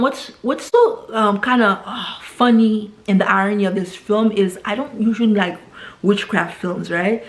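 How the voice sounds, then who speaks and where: A woman casually retelling a movie plot, acting out short quoted lines and tagging sentences with "right?". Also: mid-range voice. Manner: chatty, retells scenes with quick quoted voices, frequent tag "right?". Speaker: vlogger reviewing films. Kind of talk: casual film recap.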